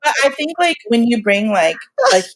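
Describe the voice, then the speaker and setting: Lively storytelling woman in her forties. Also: on the high side, moderate pace, a crowd in the background. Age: 40s. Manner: animated, laughs often, acts out quoted voices. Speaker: guest. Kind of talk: casual storytelling.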